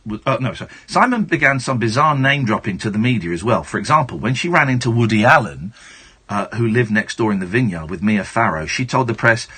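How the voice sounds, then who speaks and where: A man hosting late-night radio from a studio mic, reading from a book and breaking off for jokey asides. His voice is husky and a little breathy, and his pitch jumps around a lot. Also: a bit bright. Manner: reads a book aloud with playful asides and mock outbursts. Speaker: radio host. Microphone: studio microphone.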